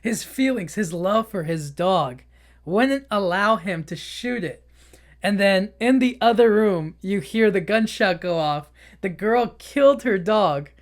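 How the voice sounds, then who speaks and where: A podcast host retells a movie in a relaxed, rambling recap, laughing often and leaning on filler words. His voice sits high, and he takes his time.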